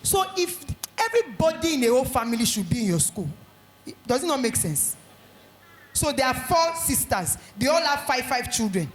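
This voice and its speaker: A middle-aged woman with a Nigerian accent giving a lively motivational talk at an education conference, acting out little scenes. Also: high voice, moderate pace, roomy sound. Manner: animated, acts out little scenes in quoted voices.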